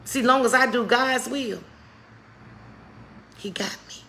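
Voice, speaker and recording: On a live stream, a middle-aged woman preaches a motivational faith message slowly, her voice on the high side, pushed and bright. She keeps calling her audience "baby" and names people from the chat as she greets them.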